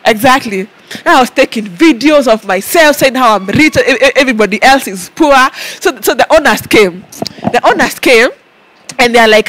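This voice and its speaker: Animated Kenyan woman telling her story. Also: fairly high pitch, normal speed, no room sound. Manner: animated, with many stammered repeats, mixing in Swahili. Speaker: interview guest. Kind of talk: storytelling in a sit-down interview.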